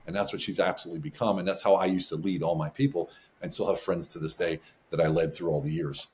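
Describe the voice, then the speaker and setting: A fairly low-pitched American man talks as a guest in a relaxed interview. He tells stories with animated energy and frequent chuckles. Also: quick pace. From United States. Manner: animated storyteller, chuckles often. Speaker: podcast guest, business advisor. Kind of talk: casual interview talk.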